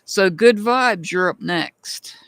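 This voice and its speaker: A woman's voice: medium pitch, slow, fairly bright tone, no echo. A woman hosting a tarot live stream, chatting casually and calling out viewers by name as she thanks them.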